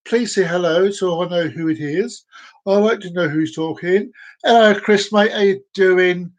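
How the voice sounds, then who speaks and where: A man's voice: high-pitched, moderate pace. A man hosting a casual live stream, rambling and telling groan-worthy jokes to viewers by name. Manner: chats directly to viewers by name.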